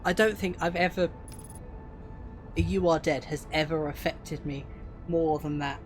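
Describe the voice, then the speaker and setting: A woman's voice: deep voice, fairly even intonation, unhurried, faint music behind. A young woman streaming a video game live, talking to herself as she plays and swearing freely. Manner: swears freely, talks to herself while playing. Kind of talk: live gameplay commentary.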